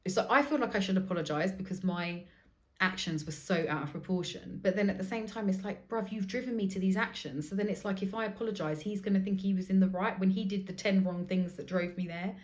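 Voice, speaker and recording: A woman's voice: medium pitch, quick pace. A woman in her forties hosting a candid solo podcast, telling stories bluntly and emotionally with plenty of swearing. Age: 40s. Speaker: podcast host.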